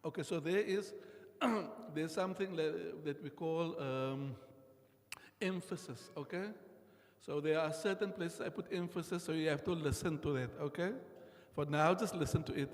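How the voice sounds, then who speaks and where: A man teaching a Quran recitation class in a mosque, patient and explaining slowly, often checking with "okay?". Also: a little high, long reverb tail. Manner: patient, repeats okay often, chants Arabic.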